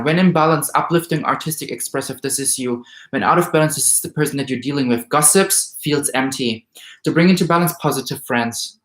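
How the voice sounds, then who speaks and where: A man's voice: medium pitch, fairly quick. Emotional man doing a tarot reading. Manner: emotional, excited, reads card meanings aloud. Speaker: tarot reader. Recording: roomy echo.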